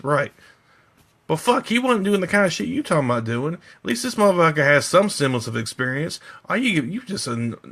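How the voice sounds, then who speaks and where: A man rants on a late-night live stream, a little drunk and swearing constantly. His voice sits a touch high and has a gravelly fry to it. He rambles from one heated point to the next. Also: a bit bright. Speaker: vlogger.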